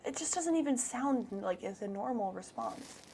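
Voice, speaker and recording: A woman's voice: on the high side, animated, normal speed, vocal fry, mellow, slight background noise. A woman chatting on a live stream, playful and teasing as she bickers back. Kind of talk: bickering livestream chat.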